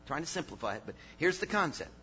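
An older man preaching a sermon, dropping to low asides and then rising to shouted emphasis. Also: fast, a little hiss or hum. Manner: animated, swings from low mutters to shouted emphasis. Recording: dull lo-fi sermon recording.

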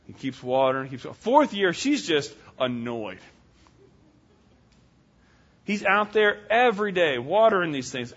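High-voiced storytelling male preacher. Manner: animated, folksy, acts out characters. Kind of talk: sermon storytelling. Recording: dull lo-fi sound.

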